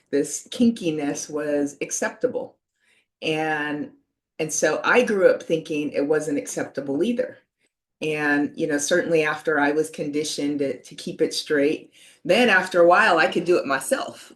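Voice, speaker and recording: A woman in her sixties on a video call, telling a personal story in an earnest, halting way, often pausing on "you know.". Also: fairly low pitch. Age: 60s. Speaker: panelist sharing a personal story.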